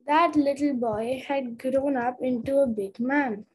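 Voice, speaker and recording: A woman's voice: sits high, measured pace, a little mellow, husky, poor audio. A young girl, a student, reading a story aloud in an online class, carefully and with small restarts. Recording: faint background noise and clicks.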